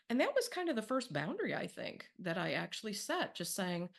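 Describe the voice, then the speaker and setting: A woman's voice: medium pitch, brisk, vocal fry, hardly any pauses. A woman sharing a personal story in a candid, reflective way, acting out the people she quotes. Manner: candid, reflective, animated when quoting.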